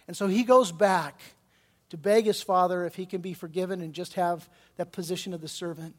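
A male pastor preaching a sermon with passion, acting out prayers and quotes, then dropping to soft, quiet tones. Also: high voice, fairly even intonation, fairly quick. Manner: impassioned, acts out prayers and Bible figures in quotes; drops to soft, quiet tones when closing.

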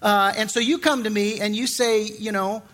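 A middle-aged man preaching a sermon as pastor, in a lively conversational way with frequent restarts. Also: high voice, normal speed.

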